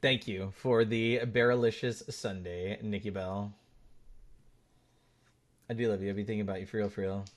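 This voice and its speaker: A man's voice: fairly low pitch, steady tone, normal speed, long pauses. A male game streamer chatting casually while playing, thanking viewers and teasing his friends. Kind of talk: casual live-stream chat while gaming.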